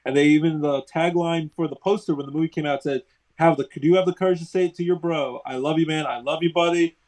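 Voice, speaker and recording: Male co-host in his 30s, chatty, hesitant fillers, slightly higher pitch. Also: fairly even intonation, quick pace, a little mellow, rough recording. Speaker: sports talk show co-host. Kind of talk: casual sports talk.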